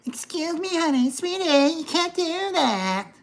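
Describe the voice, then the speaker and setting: A middle-aged man putting on the voice of a condescending woman gym worker, drawn-out and high. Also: very animated, exaggerated voice.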